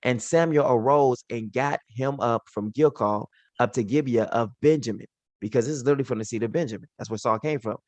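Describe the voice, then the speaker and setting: A man's voice: medium pitch, a little fast, a little mellow, no room sound, muffled recording. A man teaching from the Bible in an informal, slangy way, acting out the characters' lines as he retells the stories.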